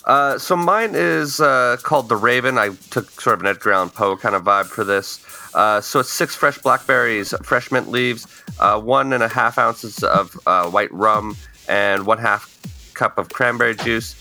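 A man's voice: fairly low pitch, moderate pace, pushed and bright, soft background music. A man hosting a casual book club podcast, speaking hesitantly with many fillers. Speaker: podcast host. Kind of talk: casual chat.

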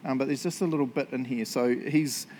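A man's voice: mid-range voice, fairly quick, darkish tone, slight background noise. A man preaching a casual sermon, joking often and asking "right?" after points. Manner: chatty, joking, tag questions. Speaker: pastor.

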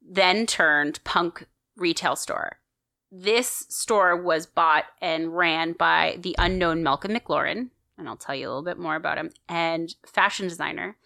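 A woman's voice: lowish voice, measured pace, creaky, pushed and bright, no echo, clean studio sound. A woman co-hosting a podcast, chatting enthusiastically as she tells a story with lots of fillers. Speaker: podcast co-host telling a story. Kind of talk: casual storytelling chat.

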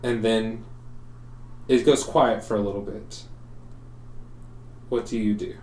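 A man narrating a tabletop game as game master, relaxed and halting with frequent fillers. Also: lowish voice, a little hiss or hum. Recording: roomy echo.

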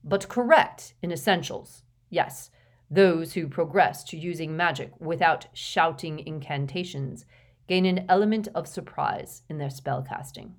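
Woman playing a sneering male professor, cold, dismissive, slow cutting delivery, storybook reading. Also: low voice. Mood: cold disdain.

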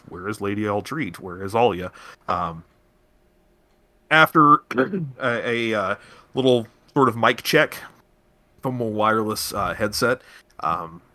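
A man's voice: on the low side, pushed and bright. A man narrating a tabletop game as game master, setting scenes in a loose, descriptive way.

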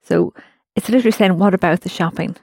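A woman's voice: medium pitch, quick pace, a little mellow, no echo, studio quality. A woman teaching a language class, explaining phrases patiently and prompting her students with questions.

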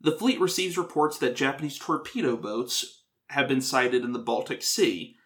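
A man's voice: medium pitch, normal speed, a bit bright. A man hosting a casual podcast, telling a history story in a rambling, joking way and often correcting himself.

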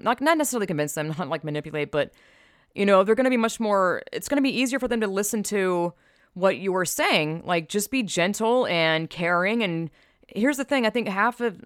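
A woman's voice: on the low side, no room sound, studio quality. Frank, sweary woman in a casual monologue. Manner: frank, sweary, sarcastic, trails off mid-sentence.

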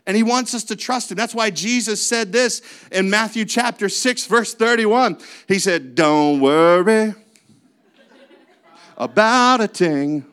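A man's voice: sits high, normal speed, hardly any pauses, sharp tone. A man preaching a sermon as a pastor, with a conversational manner, lots of rhetorical questions and playful asides.

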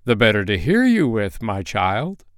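A man voicing a wicked wolf disguised as a grandmother, slow and hoarse. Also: fairly low pitch, huge pitch swings, dry recording, clean studio sound.

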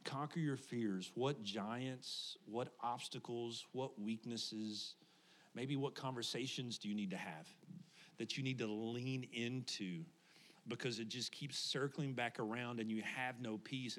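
Guy pastor in his 30s preaching to a church, laid-back storytelling, laughs a lot, mid pitch. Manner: conversational, animated storytelling with laughs. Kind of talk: sermon with personal stories. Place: church sanctuary before congregation.

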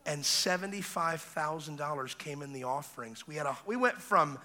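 A man preaching a revival sermon as an evangelist, telling stories and acting out voices, going from hushed to shouting. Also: fairly high pitch, animated, normal speed. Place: large church hall. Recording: long hall reverb.

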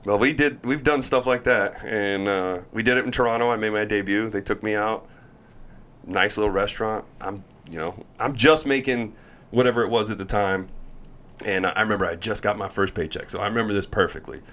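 A man with a fairly low voice chats on a podcast as a guest. He tells his stories with animation, laughs easily and slips into the voices of the people he quotes. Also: a little fast, fairly bright tone. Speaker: podcast guest, pro baseball pitcher. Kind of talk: casual chat, animated storytelling.

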